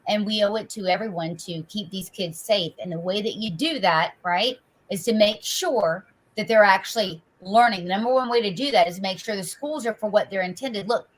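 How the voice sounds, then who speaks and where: A woman's voice: medium pitch, normal speed, hardly any pauses, low-quality recording. A woman hosting a political talk show and wrapping up the conversation. She speaks casually and conversationally, with plenty of fillers and rhetorical asides.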